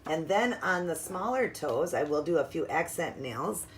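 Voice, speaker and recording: Slight background noise runs behind a woman's deep, animated voice as she narrates her nail art video at a moderate pace. She's the host, going over her supplies step by step in a relaxed, cheerful tutorial manner.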